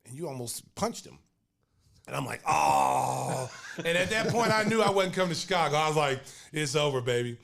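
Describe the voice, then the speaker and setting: A man with a slightly high voice hosts a podcast and tells a story, acting out each person's lines with plenty of energy. He is an older man. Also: animated, fast, vocal fry, a bit bright. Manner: acts out other people's lines in the story. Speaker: podcast host. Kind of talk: animated storytelling.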